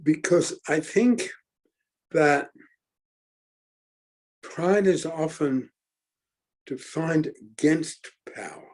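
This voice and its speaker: A middle-aged man giving a reflective talk at his forum, speaking haltingly with many fillers and restarts. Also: fairly high pitch, darkish tone, rough recording. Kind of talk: reflective talk, thinking aloud.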